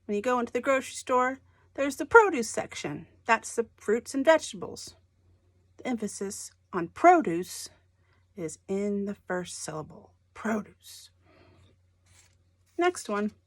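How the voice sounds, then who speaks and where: Woman, teacher, recorded lesson, slow and deliberate, stresses syllables, fairly high voice, dry sound. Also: lively intonation, dry recording.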